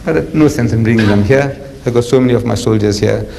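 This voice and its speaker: In this rough recording with slight background noise, a South African man in his seventies, an Islamic preacher, delivers an animated storytelling lecture. His colloquial, theatrical telling is peppered with "man" and "you know," in a mid-range, creaky, dark voice at a fast clip.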